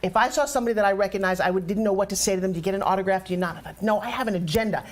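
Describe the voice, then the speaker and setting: A woman from Long Island with a New York accent, telling animated stories as a guest in a casual interview. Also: medium pitch. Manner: animated storyteller, fast and energetic. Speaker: guest speaker.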